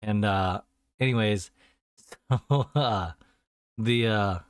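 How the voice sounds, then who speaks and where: A man's voice: lowish voice, drawn-out words, clear, resonant tone, no echo, studio quality. Rambling man in casual podcast chat. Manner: rambling storyteller, acts out callers in a raised voice. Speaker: podcast co-host.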